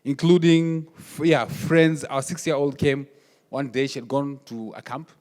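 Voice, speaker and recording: A man leading a workshop talk, telling family stories in an animated way and acting out the dialogue. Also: medium pitch, measured pace. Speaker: workshop speaker. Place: conference hall. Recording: reverberant hall.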